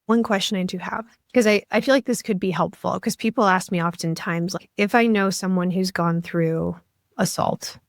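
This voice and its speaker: A woman's voice: fairly low pitch, steady tone, normal speed, no echo, clean studio sound. A woman hosting a podcast interview, talking earnestly and with feeling, with many "like"s and "you know"s. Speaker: podcast host. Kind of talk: conversational interview.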